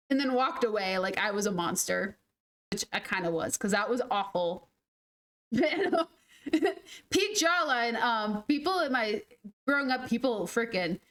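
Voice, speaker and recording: High-sitting and fairly bright, this woman's voice carries casual storytelling chat. She's a game streamer in her twenties whose stories ramble and poke fun at herself, complete with impressions of whoever she's quoting.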